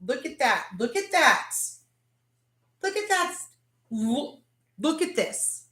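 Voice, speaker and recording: A woman hosting a casual live chat from her kitchen, excitable and gushing about food. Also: fairly high pitch, a little slow, roomy sound. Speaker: livestream host.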